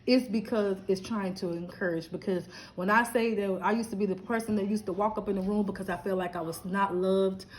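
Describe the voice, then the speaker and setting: A woman's voice: mid-range voice, a little fast, few pauses, slight background noise, low-quality recording. A middle-aged woman from Lubbock, Texas, chatting and laughing with her viewers in a casual live stream. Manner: chatty, animated, laughing, talks straight to viewers.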